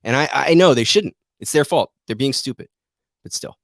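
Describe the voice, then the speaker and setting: A man's voice: mid-range voice, animated, moderate pace, creaky, no room sound, clean studio sound. A man hosting a trading show, giving rambling, self-deprecating market commentary that keeps turning into a rant.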